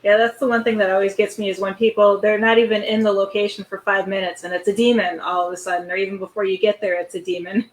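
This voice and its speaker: Quick flat-voiced woman host. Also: medium pitch, low-quality recording. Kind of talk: casual interview chat.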